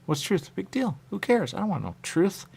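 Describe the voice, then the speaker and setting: A gleeful, boastful Martian played by a man chirps in a high, squeaky put-on voice. He is goofy and silly. A gravelly grain runs under the squeak. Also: wildly swooping pitch, a little fast, a little mellow, exaggerated voice. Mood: giddy.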